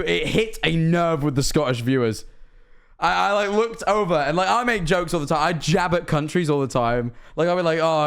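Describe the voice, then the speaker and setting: A man's voice: a little high, a bit bright. A young man from England with an English accent, chatting casually on a livestream, rambling, joking and swearing. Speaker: streamer. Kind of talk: casual livestream reaction chat.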